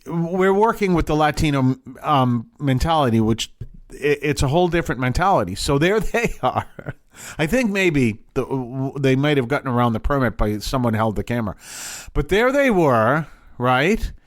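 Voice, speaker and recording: A man's voice: medium pitch, animated, normal speed, no room sound, clean studio sound. A man hosting a podcast, telling stories in a casual, rambling way with restarts and chuckles. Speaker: podcast host. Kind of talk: casual storytelling.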